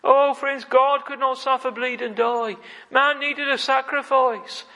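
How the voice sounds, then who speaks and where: A man's voice: very high voice, steady tone, unhurried, bright, forceful tone. A man preaching a fervent sermon, repeating phrases and calling out "oh, friends". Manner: fervent, repetitive, frequent "oh, friends". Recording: long hall reverb.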